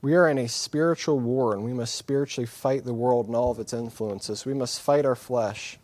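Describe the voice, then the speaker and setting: A male preacher delivers a sermon at a mid-range pitch, earnest and candid. He hammers his points through repetition and breaks them up with wry, self-deprecating asides. The room sounds dry and close, with little reverb. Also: moderate pace, a little mellow.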